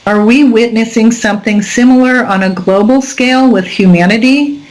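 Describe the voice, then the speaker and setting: A woman's voice: a little high, moderate pace, a little mellow, low-quality recording. A middle-aged woman hosting an internet radio talk show, reading an article aloud and breaking off into earnest, rambling asides. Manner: earnest, rambling asides between read passages.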